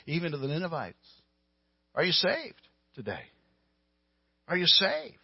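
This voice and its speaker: A man preaching a sermon as a pastor, stressing words loudly and then dropping quiet. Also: lowish voice, dry recording, muffled recording. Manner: emphatic, with sudden loud stresses and quiet drops.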